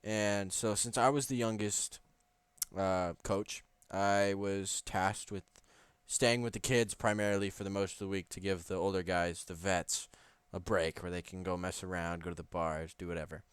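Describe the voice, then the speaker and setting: A man's voice: deep voice, steady tone, normal speed, clear, resonant tone, no echo. A young man co-hosting a casual podcast as a hockey coach, joking as he reads posts aloud.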